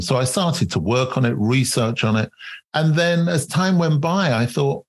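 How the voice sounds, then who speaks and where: Guy hosting a podcast, husky voice, mid-pitched, chatting thoughtfully. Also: normal speed. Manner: thoughtful, reflective, mild restarts. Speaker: podcast host. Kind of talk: casual conversation.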